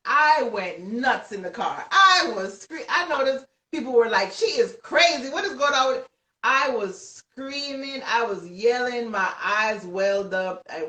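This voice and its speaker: A woman author telling an excited story on a live stream, animated, often laughing and shouting as she tells it. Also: medium pitch. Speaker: guest author. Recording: roomy, distant from the mic.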